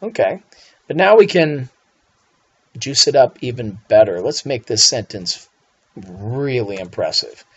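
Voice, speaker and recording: A male English teacher gives a recorded writing lesson in a husky, mid-range voice, animated yet unhurried, with long pauses. He's playful, adding theatrical asides and mock outrage. The recording is dull and lo-fi.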